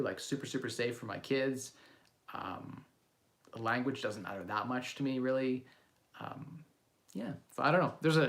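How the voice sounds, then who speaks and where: A man in his thirties talks casually on a livestream, answering viewers' questions as he goes. His voice sits at a middle pitch, and his delivery is loose and rambling, full of ums and restarts. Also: fairly bright tone.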